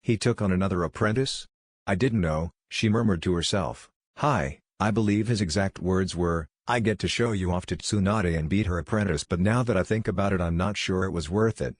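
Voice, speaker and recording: Low-voiced guy reading fanfic out loud, steady and even, dry close mic. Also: brisk, hardly any pauses, no echo. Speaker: narrator. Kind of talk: scripted fan-fiction narration.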